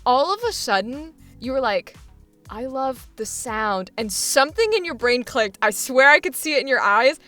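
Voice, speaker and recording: Bright, high-voiced woman voice coach. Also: big pitch swings, moderate pace, few pauses, soft background music. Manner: enthusiastic, laughs often, encouraging. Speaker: voice acting coach. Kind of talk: coaching feedback chat.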